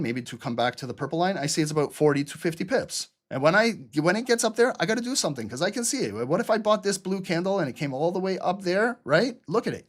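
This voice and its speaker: Male trading streamer, slightly higher voice, casual and energetic. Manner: casual, energetic, talks to viewers as guys. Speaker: trading channel host. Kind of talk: live chart analysis.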